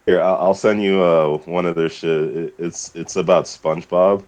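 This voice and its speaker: A deep-voiced man from the US chatting on a live stream. He rambles with lots of fillers and swearing, laughing between thoughts. His delivery is loose and unscripted. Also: steady tone, moderate pace, darkish tone, muffled recording. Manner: rambling, profane, laughing often, many fillers. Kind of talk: casual chat.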